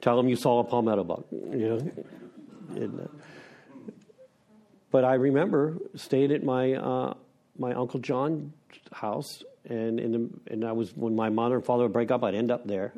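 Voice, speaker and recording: Middle-aged man, mellow tone, frank rambling recovery-meeting share with wry laughs. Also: medium pitch, steady tone, moderate pace. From Pennsylvania. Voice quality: rambling, with restarts and self-deprecating laughs. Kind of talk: candid personal share.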